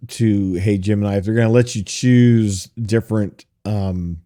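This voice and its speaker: A man co-hosting a tech podcast, chatting casually and hesitantly, with many pauses and fillers. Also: lowish voice, fairly even intonation, warm tone. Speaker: podcast co-host.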